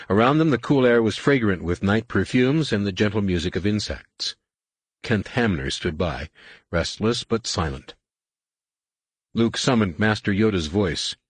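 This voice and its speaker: A man narrating a novel in a steady, measured reading. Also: sits low, husky, no echo. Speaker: audiobook narrator. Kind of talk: scripted narration.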